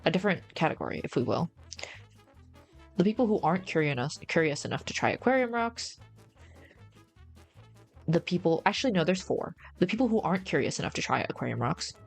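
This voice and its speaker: A woman with a low voice and a gravelly fry chats casually on a livestream. She rambles in slang, calls her viewers bro and answers their messages, with faint music playing behind her. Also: big pitch swings, brisk, pauses often. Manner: reads and answers chat. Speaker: streamer.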